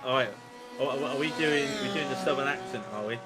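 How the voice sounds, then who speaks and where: Talking a little fast in a mid-range voice, this man from England does casual co-commentary on a long motor race. He chats and laughs, swapping stories between updates while loud race cars roar underneath.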